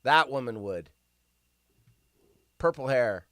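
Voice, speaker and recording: A man's voice: a little high, very animated, measured pace, pushed and bright, smooth, dry recording. A man hosting a casual livestream. He rambles and sounds sarcastic and incredulous as he reacts to news stories. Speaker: livestream host.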